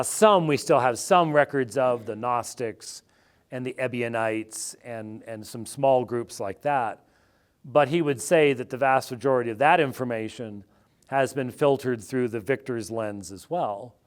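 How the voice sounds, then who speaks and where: Casting: American male theologian guest, wry, animated talker, mid pitch. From United States. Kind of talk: conversational interview answer.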